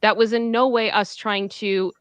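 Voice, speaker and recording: A woman co-hosting a casual livestream chat, earnest, firm and measured. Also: medium pitch, steady tone, fairly bright tone, clear, resonant tone, dry recording. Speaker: co-host.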